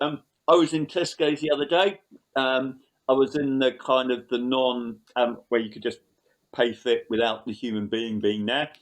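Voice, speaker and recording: Man, mid-pitched, chatty interviewee who rambles through anecdotes. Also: low-quality recording. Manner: rambling anecdotal storytelling, quoting people. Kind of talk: casual interview conversation.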